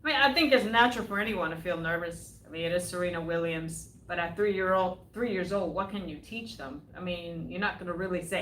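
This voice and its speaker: A woman co-hosting a live tennis talk show, giving quick replies and reading out viewer comments. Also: on the low side, fairly bright tone. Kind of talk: casual live-stream discussion. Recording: echoey room.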